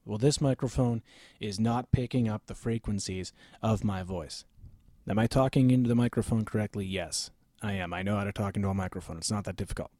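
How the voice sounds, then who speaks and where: A man with a deep voice, reviewing microphones in a casual, blunt, opinionated way, often checking in with "okay?". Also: brisk, mellow, no room sound, clean studio sound. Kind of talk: casual gear review vlog. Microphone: close studio microphone.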